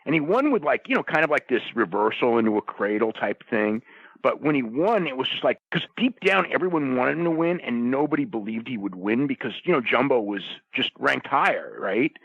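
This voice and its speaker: A man's voice: mid-range voice, expressive, brisk, creaky, husky, dry recording. Rambling man on a dull, dry line. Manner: rambling, lots of restarts and "you know". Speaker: podcast roundtable guest. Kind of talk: casual chat. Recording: dull lo-fi sound.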